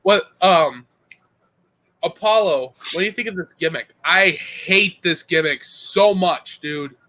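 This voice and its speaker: Young guy hosting a chill podcast, high bright voice, slangy and laughy. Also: takes it slowly. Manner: laid-back, slangy, laughs often. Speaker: podcast host. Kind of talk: casual chat.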